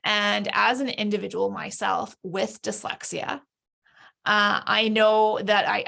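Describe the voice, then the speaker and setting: A woman whose voice sits in a middle pitch but carries a very strong vocal fry throughout. She is speaking in an interview as an educator and explains ideas in a thoughtful, measured way with some restarts. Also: sharp tone. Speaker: literacy educator. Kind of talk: interview conversation.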